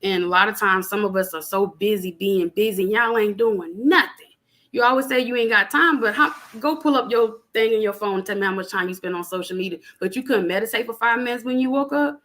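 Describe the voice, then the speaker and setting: A young adult woman in casual spiritual chat on a podcast, animated and preachy, talking plainly with lots of fillers. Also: medium pitch, a little fast. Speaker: podcast guest.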